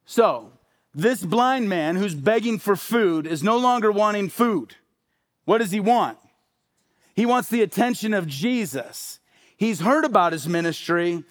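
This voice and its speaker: A man's voice: high-pitched, animated, a little slow. A male pastor preaching a sermon in a conversational way, full of rhetorical questions.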